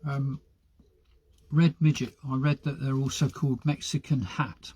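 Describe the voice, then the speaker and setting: A man's voice: medium pitch, level tone, a little slow, a little mellow, slightly rough. A man hosting a gardening live stream, chatting casually and rambling to himself as he sows seeds in a greenhouse. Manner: chatty, rambling, talks to himself while potting. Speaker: gardening channel host. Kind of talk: casual live-stream chat while working.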